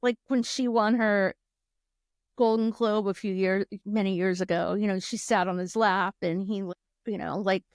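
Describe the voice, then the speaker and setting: A woman's voice: mid-range voice, fairly even intonation, moderate pace, no echo, clean studio sound. A woman co-hosting a podcast, chatting casually with lots of fillers and laughter. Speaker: podcast co-host. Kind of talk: casual chat.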